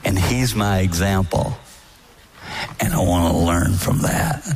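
A man giving a sermon-style talk to a live audience, telling folksy stories with soft, whispered asides. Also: low voice, slow pace. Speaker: speaker at a marriage event.

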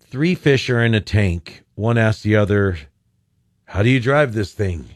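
A man's voice: fairly low pitch, animated, a little slow, no echo. A man hosting a call-in radio show, joking with callers and laughing often. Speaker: radio host.

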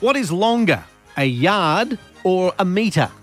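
A man co-hosting a radio quiz, chatty and quick to laugh along. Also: high-pitched, big pitch swings, a bit bright, soft background music. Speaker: radio co-host. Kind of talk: breakfast radio banter.

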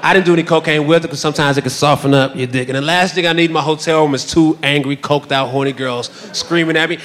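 A man's voice: on the high side, steady tone, fast talker, hardly any pauses, fairly bright tone. A male stand-up comedian telling a crude, boastful story to a crowd. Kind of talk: stand-up routine.

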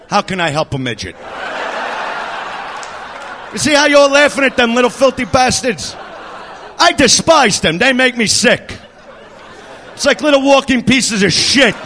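A man's voice: extremely high pitch, sharp tone, slight background noise. A man doing a crude stand-up rant in a mock-disgusted tone. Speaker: stand-up comedian.

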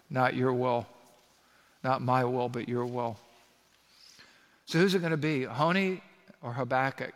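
A pastor preaching an animated sermon, reading scripture aloud and building to emphatic peaks. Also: male voice, medium pitch, moderate pace. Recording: long reverb of a large hall.

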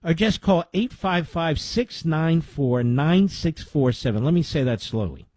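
A male talk radio host speaks emphatically in a folksy manner, leaning hard on his points. His voice sits somewhat high for a man. The studio sound is dry and close. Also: lively intonation, darkish tone, no echo. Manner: emphatic, folksy, repeats details slowly. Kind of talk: live-read sponsor ad and commentary.

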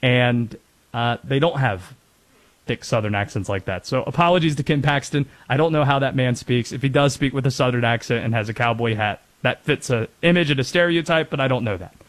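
A man's voice: medium pitch, fairly quick. A man from North Carolina hosting a casual sports talk show, chatty with rambling asides. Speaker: sports radio host.

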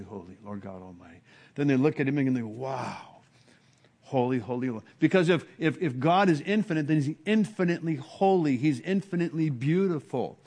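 Speaking in a conversational manner, a preacher works through an expository sermon, acting out hushed expressions of awe and often restarting his words. His pitch is on the high side.

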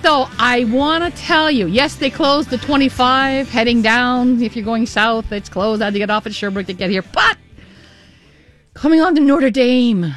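A middle-aged woman hosting a radio car show, talking in a chatty, energetic, caffeinated way into a studio mic. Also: sits high, no echo. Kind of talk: upbeat radio talk. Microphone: studio microphone.

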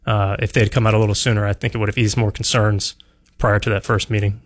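A man with a somewhat low voice answers a radio host's questions as a political candidate. He speaks earnestly and in measured phrases, often pausing on an "uh" or restarting a sentence. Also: level tone.

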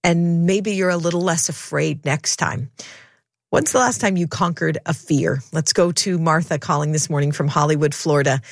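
A woman's voice: low-pitched, moderate pace, no echo, studio quality. A woman hosting a Christian call-in radio show, introducing callers and encouraging them. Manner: warm-hearted, encouraging, faith-centered.

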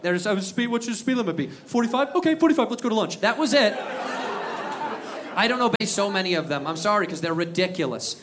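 On a comedy club stage, an American man with a high voice performs stand-up, ranting loudly and profanely while acting out the people he quotes. It's a live club recording, full of crowd laughter and noise.

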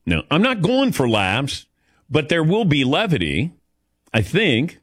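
A middle-aged man hosts a call-in talk show, his pitch swinging widely as he rambles and pokes fun at himself. The sound is dry and close, with little room around his voice. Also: unhurried, no room sound. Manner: self-deprecating, rambling, animated. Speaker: radio show host. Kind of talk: casual call-in chat.

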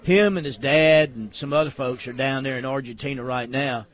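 A man's voice: medium pitch, normal speed. A man with a Southern accent, hosting a casual chat in a folksy, joking way. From Alabama. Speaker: show host. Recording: dull lo-fi audio.

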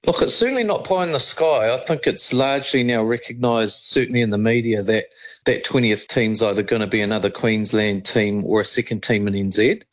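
Measured New sports official. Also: male voice, fairly low pitch, rough recording. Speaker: rugby league chair, guest. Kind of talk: radio interview answers.

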